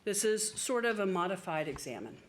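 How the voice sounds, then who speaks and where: A woman's voice: medium pitch, very animated, brisk. A woman priest giving a sermon in a conversational way, with the odd filler word. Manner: conversational preaching with occasional fillers.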